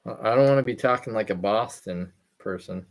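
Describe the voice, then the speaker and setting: A man's voice: on the low side, fairly quick, slight background noise. A man from California hosting a hobby livestream, talking loosely and rambling as he answers chat messages aloud.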